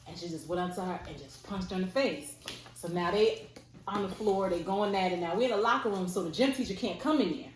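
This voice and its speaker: A woman's voice: medium pitch, quick pace. A woman vlogger casually telling a personal story to camera. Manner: casual, lively storytelling with fillers. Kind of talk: storytime chat. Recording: echoey room, faint noise.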